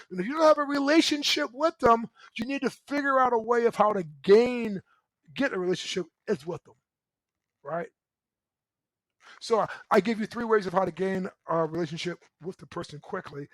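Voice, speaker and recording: A middle-aged man giving a motivational relationship talk as host, loud and emphatic, often checking in with "right?". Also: high-pitched, no room sound, rough recording. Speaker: relationship coach and show host.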